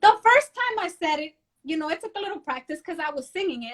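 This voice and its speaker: A middle-aged woman from New Jersey, a guest telling animated stories in a casual interview and mixing in Spanish phrases. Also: extremely high pitch, fast, few pauses. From Union City, New Jersey.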